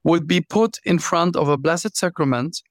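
A man in an interview, telling long stories as a guest author. His voice sits a little high and sounds close and dry. He talks with animated energy and often restarts or repeats words mid-sentence. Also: moderate pace, no echo. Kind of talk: interview storytelling.

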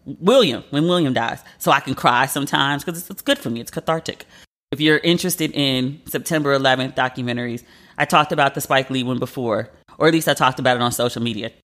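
A woman's voice: very deep voice, fast, a bit bright. A woman hosting a podcast, retelling a story in a chatty, emotional way with lots of fillers. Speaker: podcast host. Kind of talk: casual solo podcast storytelling.

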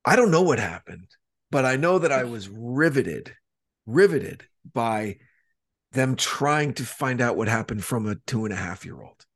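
A man's voice: medium pitch, animated, a little slow. A man co-hosting a podcast in casual chat, rambling with frequent restarts and plenty of swearing. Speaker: podcast co-host.

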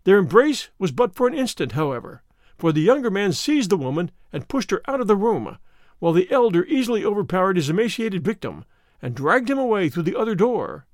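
A man narrates a classic detective tale with measured drama. His voice sits high and moves a lot, recorded dry and close to the mic. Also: very animated, dry recording. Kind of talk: classic story reading.

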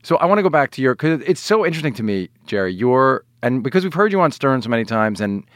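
Middle-aged male host, animated pitch, eager interviewer, dry close studio sound. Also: no echo. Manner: eager, curious questioner. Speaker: podcast host. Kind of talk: casual podcast interview.

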